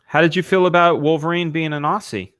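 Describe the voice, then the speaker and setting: A man co-hosting a casual streamed chat, rambling in an animated way and filling his talk with "you know". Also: a little high, fairly quick, clean tone, no room sound. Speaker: co-host and storyboard artist.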